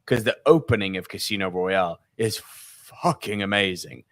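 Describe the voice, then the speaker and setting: A man's voice: lowish voice, normal speed, no room sound, studio quality. A young man co-hosting a movie podcast, ranting with plenty of profanity in casual chat. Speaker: podcast co-host.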